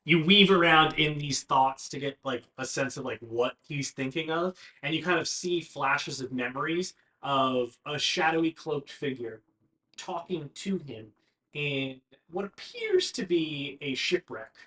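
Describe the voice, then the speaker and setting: A game master narrating a tabletop game in a relaxed, hesitant way with many fillers. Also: medium pitch, measured pace.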